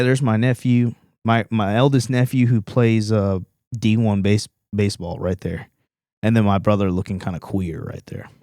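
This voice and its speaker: A man's voice: mid-range voice, a little mellow, dry recording, clean studio sound. A man hosting a solo comedy podcast, telling stories in a rambling, profane, blunt way.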